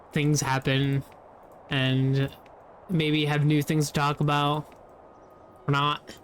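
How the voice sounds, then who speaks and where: A man's voice: on the high side, a bit bright, a little hiss or hum. A man talking casually over gameplay, rambling and often restarting his sentences. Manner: rambling, self-interrupting, frequent "like". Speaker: let's play commentator.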